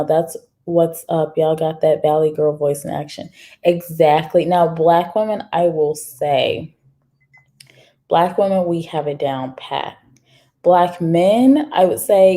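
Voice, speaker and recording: A woman's voice: lowish voice, warm tone. A woman hosting a casual live stream, chatting straight to viewers and reading their comments aloud. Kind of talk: casual livestream chat.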